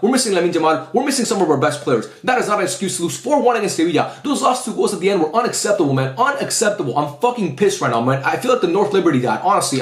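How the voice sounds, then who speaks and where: Fast-talking frustrated man ranting. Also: high-pitched, reverberant. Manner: frustrated, profane, repeats himself. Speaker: football fan reviewer. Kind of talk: ranting post-match review.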